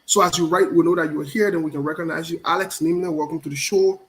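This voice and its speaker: A man, his voice sitting high for a man, hosts a loose live show and greets his viewers one by one. He teases them playfully and circles back over his own phrases. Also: fairly even intonation, quick pace, fairly bright tone, low-quality recording. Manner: playful, teasing, repeats phrases. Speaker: show host. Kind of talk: casual live-stream chat greeting viewers.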